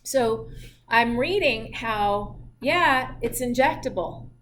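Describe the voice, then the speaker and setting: Woman teaching physiology, higher voice, chatty and joking around, little bit of hiss behind her. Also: expressive, takes it slowly, a bit bright. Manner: chatty, jokey asides, laughs at herself. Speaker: physiology instructor. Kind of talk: recorded lecture.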